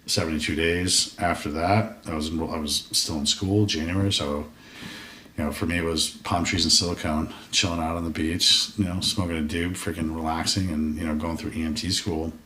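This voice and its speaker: A man's voice: deep voice, sharp tone. A man in his forties, a military veteran guest on a podcast, telling his story in a candid, profane, casual way and acting out his past thoughts in quoted asides. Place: podcast studio room. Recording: roomy sound from a distant mic with faint noise.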